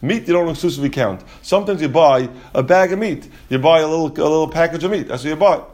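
A man explaining Talmud in a casual class, rapid and full of restarts and asides. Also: fairly high pitch, a little mellow. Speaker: Talmud teacher.

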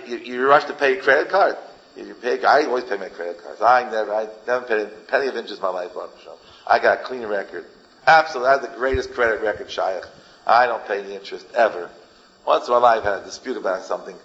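A man's voice: fairly low pitch, fast, a bit bright, lo-fi sound. A man giving an informal Torah lecture as a rabbi, emphatic and repeating phrases for effect. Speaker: rabbi teaching a class.

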